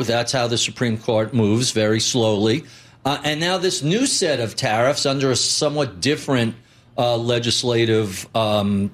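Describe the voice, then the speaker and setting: A man's voice: medium pitch, fairly bright tone. A man being interviewed as an investor guest, blunt and emphatic, building his points with lists. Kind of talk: interview conversation.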